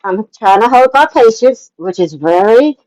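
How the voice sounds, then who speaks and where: A woman's voice: fairly high pitch, animated, normal speed, darkish tone, rough recording. A woman in her seventies, a guest on a livestream panel, scolding and talking over another guest in a heated argument. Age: 70s. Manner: scolding, condescending, talks over others.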